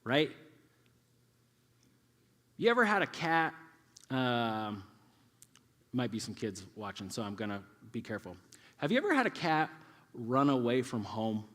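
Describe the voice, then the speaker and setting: A man's voice: mid-range voice, sing-song, measured pace, long pauses, fairly bright tone. A man in his thirties preaching a casual, conversational sermon, acting out quoted voices as he goes. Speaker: youth pastor. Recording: live hall reverb.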